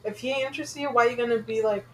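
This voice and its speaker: Female podcast co-host, fairly high pitch, blunt and profane, echoey room. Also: a little hiss or hum. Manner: blunt and profane, quick to laugh along. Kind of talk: casual chat.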